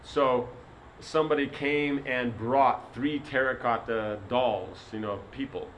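A man's voice: medium pitch, fairly even intonation, a little slow, slight background noise, low-quality recording. A man giving a sermon as a spiritual teacher, telling a story in a rambling way full of "you know".

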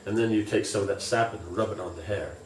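Speaking quickly in a lowish voice, this scripture teacher reads passages and then explains them loosely, full of filler words. Slight background noise and faint ambience come through a distant, roomy recording.

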